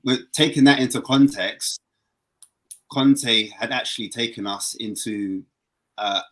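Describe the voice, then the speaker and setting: A man talking as a football fan guest on a casual podcast, animated and excitable, his voice jumping higher when worked up. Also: a little slow.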